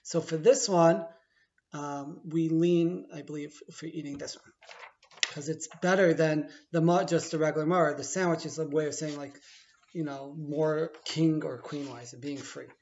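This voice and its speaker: A man's voice: fairly high pitch, steady tone, normal speed, a little mellow, dull audio, slight background noise. A middle-aged man, chatty and playful, walking through a holiday ritual step by step and stopping to rephrase as he explains. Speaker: teacher. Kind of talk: casual explanatory video.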